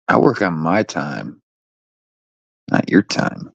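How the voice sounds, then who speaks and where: Slow gravelly man on a livestream. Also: deep voice, very animated, fairly bright tone. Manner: rambling, profane, lazy sing-song teasing. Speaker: livestream host. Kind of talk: casual livestream chat. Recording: dull lo-fi stream audio.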